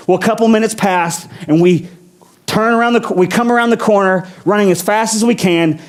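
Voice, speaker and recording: Pastor, male, high voice, animated storyteller who acts out the quotes in a sermon.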